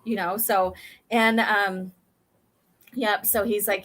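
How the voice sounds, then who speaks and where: A woman's voice: medium pitch, little pitch movement, slow. A woman hosting a casual chat, reading a comic aloud, chatty and giggly. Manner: giggly, chatty, reads dialogue in voices. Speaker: podcast host.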